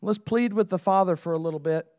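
Middle-aged male pastor, high voice, dry close sound, talky sermon delivery that builds to pleading. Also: quick pace, a little mellow, no room sound. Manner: conversational preaching, rising to emphatic pleading.

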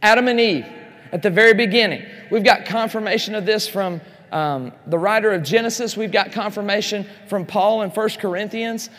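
A man giving a lively teaching sermon at a conference, speaking straight to the audience with joking asides. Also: high-pitched, normal speed. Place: large conference hall. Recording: long hall reverb.

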